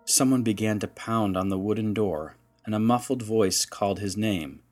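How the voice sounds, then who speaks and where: A man narrating an audiobook chapter in slow, dramatic storytelling. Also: lowish voice, faint music behind. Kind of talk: scripted narration.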